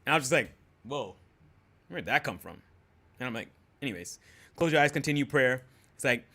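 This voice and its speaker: Bright-voiced young man, relaxed and chatty. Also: mid-range voice, a little fast, long pauses. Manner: relaxed, many fillers like "you know" and "um". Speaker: guest, host's husband. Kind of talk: casual storytelling.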